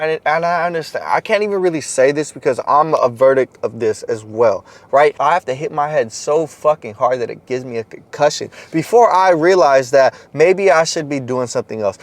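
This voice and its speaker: A man giving a blunt, profane motivational monologue to his viewers, swinging between loud urging and low, quiet stretches. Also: no echo. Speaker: motivational content creator.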